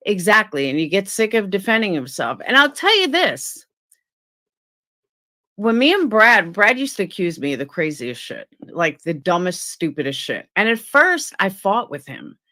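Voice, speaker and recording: A woman's voice: medium pitch, big pitch swings, normal speed, bright, forceful tone. A woman on a live stream telling a story and ranting bluntly, with swearing. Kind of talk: casual live-stream rant.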